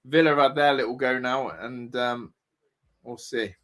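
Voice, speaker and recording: A man hosting a live football watch-along, reacting loudly, swearing and shouting advice at the players. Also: medium pitch, a little slow. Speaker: fan watch-along host.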